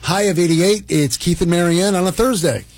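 A man's voice: high-pitched, moderate pace, darkish tone, no room sound. A man co-hosting a radio morning show, bantering playfully and laughing at himself.

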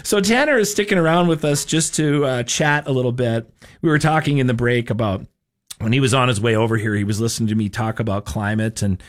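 A man's voice: mid-range voice, a little fast. A middle-aged man hosting a radio show, telling stories in a chatty, casual way and laughing often. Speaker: radio host. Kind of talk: casual talk-radio chat.

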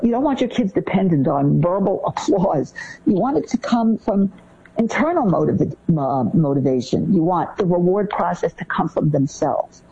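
A woman talks through parenting advice with a lively, swooping delivery and a mellow, husky tone. She acts out common parent phrases as she goes. The recording sounds a little dull and lo-fi. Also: mid-range voice. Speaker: co-host giving parenting advice. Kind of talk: conversational advice talk.

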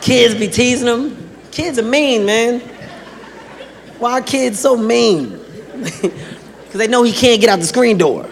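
A male stand-up comedian telling stories on stage, animated and often laughing through his own jokes. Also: very high voice, slow, creaky, long pauses. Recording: live club, crowd noise, long reverb.

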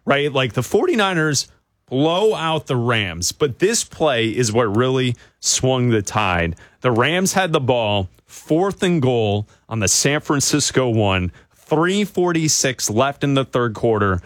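A male sports talk radio host with a mid-range voice, moving between playful teasing and brisk station plugs. His voice sits close and dry in the studio. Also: medium pitch, sing-song, no room sound. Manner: playful, teasing banter and quick ad reads.

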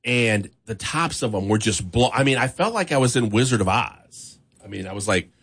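A man's voice: lowish voice, lively intonation, normal speed, fairly bright tone, husky. A man hosting a morning radio show, chatting in an upbeat way and laughing easily. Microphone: studio microphone.

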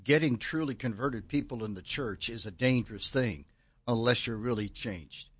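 A man appearing as a guest pastor on a Christian radio talk show, telling stories and making points with emphatic, animated delivery. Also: mid-range voice, moderate pace, breathy edge, no room sound. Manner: animated storytelling, emphatic preacher.

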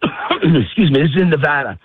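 A man calling in as a guest, out of breath while walking a dog in a park, talking in an emphatic, rapid-fire, repetitive way. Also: on the high side, animated, a little hiss or hum. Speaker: call-in guest. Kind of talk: heated political phone interview. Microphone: phone. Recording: tinny dry phone line.

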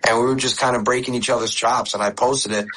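A man's voice: mid-range voice, fairly even intonation, fast, pushed and bright, poor audio. A comedian who is a guest in an interview. He tells stories casually, laughs often and repeats words.

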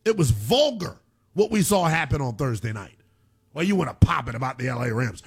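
A man's voice: on the high side, big pitch swings, moderate pace, husky. A man hosting a sports talk radio show, ranting in a brash, mocking, hyperbolic way and taking listener comments.

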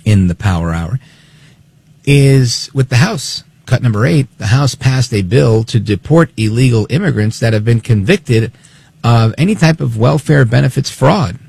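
Talk radio host, man, gravelly, dark husky voice, lively snide delivery. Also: mid-range voice, normal speed, dry recording. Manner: animated, snide, acts out quotes. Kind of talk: opinionated political talk radio.

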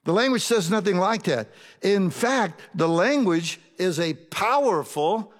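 A man's voice: sits high, expressive, measured pace. A man preaching a sermon in a conversational way, putting questions to his congregation. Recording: long reverb of a large hall.

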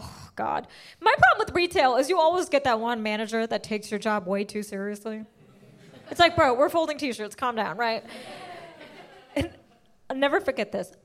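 A woman from the United States doing stand-up comedy, brash and punchy, often laughing through her lines. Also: fairly high pitch.

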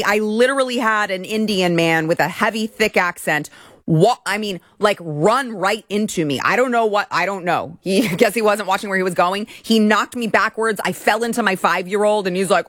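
A woman's voice: mid-range voice, expressive, moderate pace, a bit bright, no room sound, studio quality. A woman in her thirties hosting a political commentary show, delivering a heated, indignant monologue.

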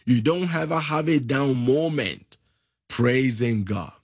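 A man preaching a sermon, slow and emphatic, stretching out key phrases. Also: medium pitch, lively intonation, husky, dry recording, studio quality.

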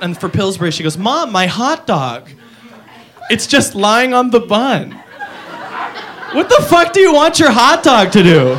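A man's voice: high-pitched, fairly bright tone, slight background noise. A man doing a stand-up comedy set, exasperated and profane, talking straight to the crowd.

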